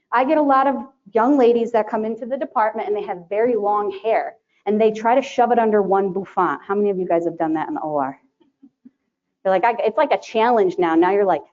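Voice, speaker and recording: A woman presenting to a live conference audience, chatty and animated, laughing often and acting out quotes. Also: a little high. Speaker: conference presenter, sterile processing educator. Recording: dull lo-fi sound.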